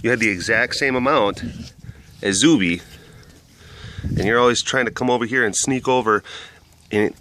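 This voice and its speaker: A man who keeps big cats, gently scolding and coaxing his animals on camera. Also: mid-range voice, normal speed, long pauses, noisy background. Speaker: big cat keeper.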